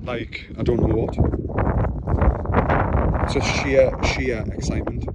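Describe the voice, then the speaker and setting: A man talking into his phone camera outdoors at night, breathless, excited and rambling. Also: mid-range voice, takes it slowly. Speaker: landscape photographer vlogger. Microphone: phone camera held by hand. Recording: heavy wind noise on phone mic. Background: loud wind.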